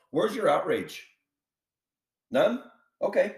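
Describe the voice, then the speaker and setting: A man's voice: a little high, big pitch swings, normal speed, roomy sound, recorded from a distance. A man hosting a podcast, delivering a heated political monologue full of repeated rhetorical questions. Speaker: podcast host.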